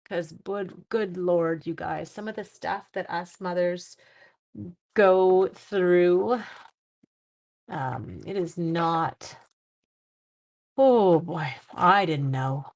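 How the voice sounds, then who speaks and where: A middle-aged woman, chatting on a live stream while crafting, warm-hearted and getting teary. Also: fairly low pitch, very slow, pauses often. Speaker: livestream crafting host.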